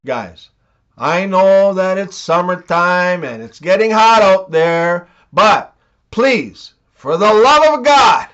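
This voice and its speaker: Male comedian, deadpan joke delivery, unhurried; dull lo-fi sound. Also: high voice, faint music behind. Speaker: comedian telling jokes. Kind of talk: scripted joke narration.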